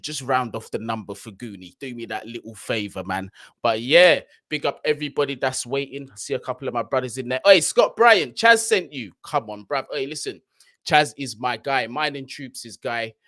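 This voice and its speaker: A man's voice: medium pitch, fairly bright tone, no echo, studio quality. A man co-hosting a football live stream, talking in a hyped, slangy way and swearing freely. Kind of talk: casual chat. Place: New York City.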